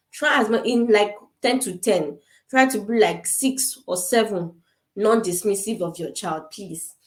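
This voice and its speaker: An African woman gives parenting advice in a quick, emphatic, informal way and circles back to repeat her points. Her voice sits at an ordinary pitch for a woman. The room around her is echoey, as if she is recording to camera in a bare space. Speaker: parenting speaker.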